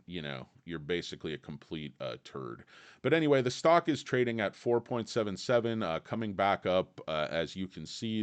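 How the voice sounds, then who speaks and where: Low-voiced man ranting about stocks. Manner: blunt, insulting, animated rant with many fillers. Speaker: stock market commentator. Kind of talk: ranting market commentary.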